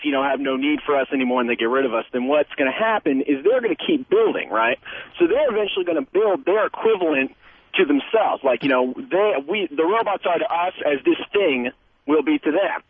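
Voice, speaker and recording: A male caller on a tinny phone line rambles earnestly through his idea. His voice sits a little high. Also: very animated, quick pace. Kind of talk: phone call to a talk show.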